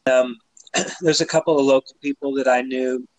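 A man's voice: mid-range voice, normal speed, no echo, low-quality recording. Tipsy man telling a rambling story. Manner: rambling, many fillers, laughing, swearing, animated when retelling. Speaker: podcast co-host telling a story. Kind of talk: casual storytelling chat.

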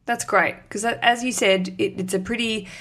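A woman's voice: medium pitch, fairly even intonation, moderate pace, fairly bright tone. A woman with an Australian accent hosting a casual interview, chatty and playful, slipping into put-on voices. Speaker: podcast host.

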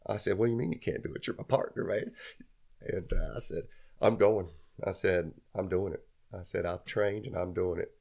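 A man's voice: low voice, fairly even intonation, moderate pace, gravelly, a little mellow. A middle-aged man telling a long personal story in casual chat, rambling and laughing at himself. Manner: rambling, self-deprecating, laughs often.

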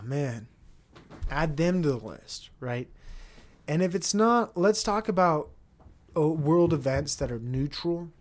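A man hosting a solo podcast, rambling and joking with frequent profanity as he talks to himself. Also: medium pitch. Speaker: podcast host.

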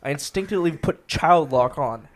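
A young man with a slightly raised pitch jokes through anecdotes on a podcast. His delivery is animated, with wide pitch swings. A faint noise sits under the recording. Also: moderate pace. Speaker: podcast co-host. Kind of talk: casual chat.

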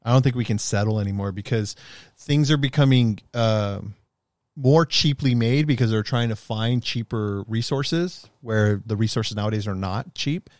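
A man in casual chat, telling stories with lots of swearing, animated and often laughing. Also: fairly low pitch, normal speed, no room sound, studio quality. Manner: animated, profane storyteller who gets loud and laughs.

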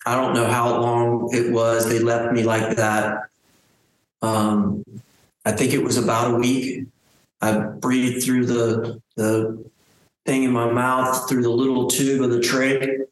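A man telling his survival story as an interview guest, halting and restarting his phrases. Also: mid-range voice. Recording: very echoey room.

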